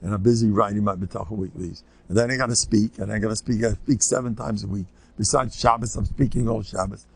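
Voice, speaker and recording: An older man, a rabbi, giving a rambling informal lecture full of anecdotes and Yiddish words, sometimes squeaking out children's voices. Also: fairly even intonation, fast talker, creaky, few pauses, a little mellow, breathy edge. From United States.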